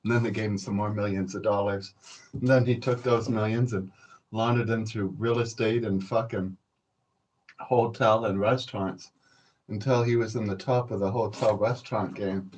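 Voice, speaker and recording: A lowish, slightly mellow male voice holds a steady tone at a moderate pace, with slight background noise. Hosting a podcast solo, he rambles through profane, laid-back stories and chuckles while calling his listeners folks.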